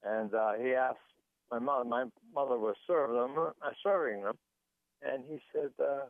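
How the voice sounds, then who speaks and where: A man's voice: mid-range voice, normal speed, vocal fry, no room sound. Man telling a rambling story over a phone line. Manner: rambling anecdotal storyteller, acts out quotes. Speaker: guest author. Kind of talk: storytelling interview.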